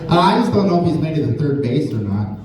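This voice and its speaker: A man's voice: a little high, very animated, quick pace. A man from Canada doing a crude, rambling stand-up set, swearing a lot. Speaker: stand-up comedian. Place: large indoor hall, live show. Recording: echoey hall from far off, crowd noise. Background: audience laughter.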